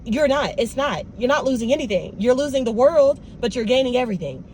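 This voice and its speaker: A woman's voice: fairly high pitch, a little fast, slight background noise. Chatty young woman vlogging to her viewers. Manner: animated, talks straight to viewers with "y'all" and "baby". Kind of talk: casual vlog talk.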